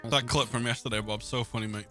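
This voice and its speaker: A man's voice: medium pitch, fairly even intonation, quick pace, over music. A young man joking crudely in casual gaming banter over a headset. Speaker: gamer.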